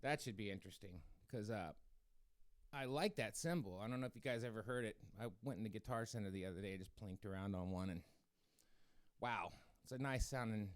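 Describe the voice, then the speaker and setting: This man speaks fairly quickly in a smooth, fairly low voice while hosting a drum practice stream, rambling casually with lots of fillers and restarts. The sound is clean and studio-like, with no room sound.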